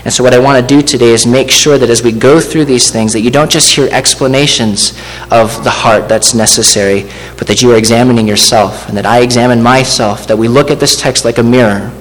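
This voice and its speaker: A man preaching an expository sermon to his congregation, his voice carrying long reverb through a hall. He speaks in a measured way and turns often to ask the listeners rhetorical questions. A faint hum sits under the recording. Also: medium pitch.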